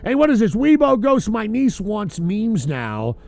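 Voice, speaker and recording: A tipsy man hosting a call-in livestream, ranting loudly and profanely. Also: high voice, wildly swooping pitch, measured pace. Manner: loud, profane, rambling rant. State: drinking, tipsy. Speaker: host of a call-in livestream show.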